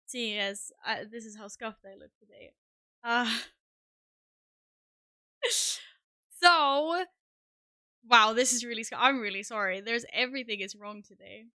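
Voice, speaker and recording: Woman streamer rambling to chat, bit high voice, dry close mic, swears a lot. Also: unhurried, pauses often, pushed and bright, no echo. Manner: scattered, self-deprecating, swears often. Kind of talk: casual live-stream chat.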